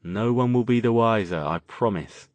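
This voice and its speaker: Guy reading a calm mage dude, murmury and reassuring, lowish voice. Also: moderate pace, no echo, lightly acted. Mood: gentle. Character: calm, gentle male mage.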